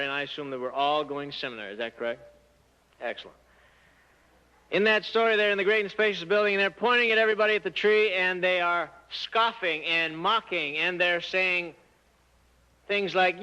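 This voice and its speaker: A man giving a church talk to teenagers, an animated storyteller who asks rhetorical questions and acts out the dialogue. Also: high-pitched, clean tone. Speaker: church speaker addressing youth. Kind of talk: sermon-style talk to teens. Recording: muffled lo-fi recording.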